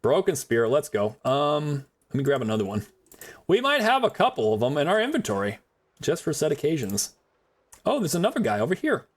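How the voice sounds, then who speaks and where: A man's voice: fairly high pitch, wildly swooping pitch, a little fast. A man streaming a survival game live, rambling on in casual commentary and laughing often, a self-described yapper. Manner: chatty rambler, calls himself a yapper.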